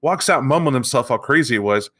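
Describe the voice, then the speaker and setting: A man's voice: medium pitch, lively intonation, quick pace, a bit bright. A man co-hosting a podcast, telling a tabletop game story in a casual chat and acting out the characters. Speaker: podcast co-host.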